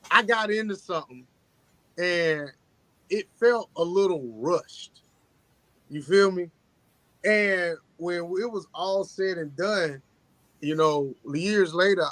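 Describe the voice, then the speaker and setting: A man co-hosting a casual chat show, tired and talking in a low-key monotone. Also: slow pace, dry recording. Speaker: podcast co-host.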